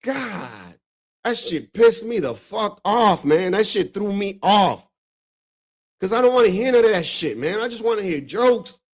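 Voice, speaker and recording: A man's voice: high voice, lively intonation, measured pace. A man from the Dominican Republic hosting a stream, reacting to clips in loose, profane chat full of "bro" and frequent laughter. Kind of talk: casual reaction commentary.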